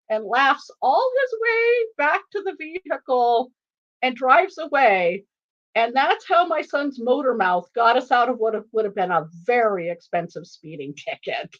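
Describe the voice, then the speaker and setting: A woman author telling a funny family story at a live online event, in an animated, expressive manner. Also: high-pitched, normal speed, highs cut off. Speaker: author and guest reader.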